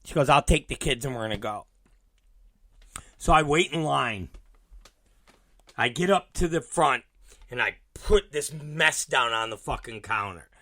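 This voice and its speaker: Man, middle-aged, podcast host, profane storyteller, lively pitch, dry close sound. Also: a little slow, long pauses, no echo. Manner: profane, animated storyteller acting out quotes. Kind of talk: storytelling monologue.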